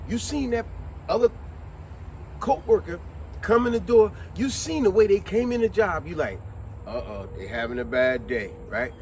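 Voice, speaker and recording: A man hosting a casual motivational talk, telling stories with animated flair and acting out quotes. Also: very high-pitched, a little hiss or hum. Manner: animated storytelling, acts out quotes. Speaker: vlogger host.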